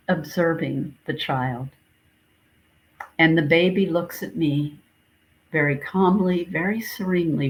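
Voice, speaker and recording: Slow, gentle woman minister. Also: fairly low pitch, low-quality recording. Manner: slow, gentle, reflective storytelling with repeated phrases. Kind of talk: sermon recounting a dream.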